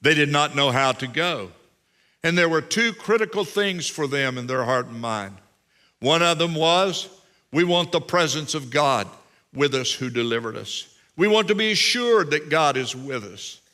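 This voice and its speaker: A man's voice: fairly high pitch, expressive, normal speed, sharp tone. A man preaching a sermon as pastor, emphatic and fond of repeating phrases for weight.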